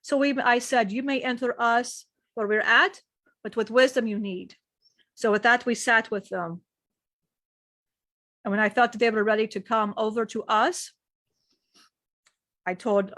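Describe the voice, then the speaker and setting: A woman telling a spiritual story in slow, repetitive storytelling while speaking as a male being she channels. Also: on the high side, fairly even intonation, fairly bright tone, no echo, clean studio sound.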